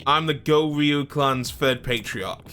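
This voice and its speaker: A man voicing a haughty middle-aged male yakuza boss, smug and measured. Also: medium pitch, a bit bright, a little hiss or hum, voice pushed up.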